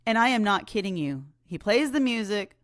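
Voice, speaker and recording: A woman hosting a podcast, telling a personal story in a chatty, animated way, often laughing and acting out what people said. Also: medium pitch, normal speed, dry recording, studio quality. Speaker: podcast host. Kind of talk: casual storytelling.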